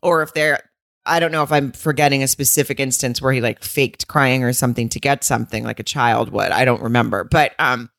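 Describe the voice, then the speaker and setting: A woman with a low voice co-hosts a chatty podcast, laughing easily as she retells TV scenes. Her voice sits close and dry, with no room sound around it. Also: brisk, creaky, fairly bright tone, no room sound. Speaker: podcast co-host. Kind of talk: casual chat.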